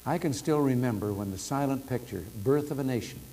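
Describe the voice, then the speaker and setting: A man in his seventies delivering a formal speech by telephone, telling anecdotes in a folksy storytelling manner with gentle humor. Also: medium pitch, brisk, poor audio. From United States. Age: 70s. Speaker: president giving remarks. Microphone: telephone hookup. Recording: archival telephone speech with faint noise.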